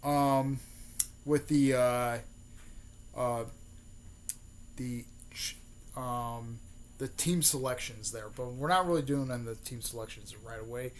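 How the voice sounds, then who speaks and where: A man's voice: mid-range voice, slow, long pauses. A young man casually retelling a made-up story for his video channel, rambling with lots of fillers and restarts. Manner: rambling, many fillers and restarts, keeps adding "there" and "mostly". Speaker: YouTuber. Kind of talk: casual fan-theory storytelling.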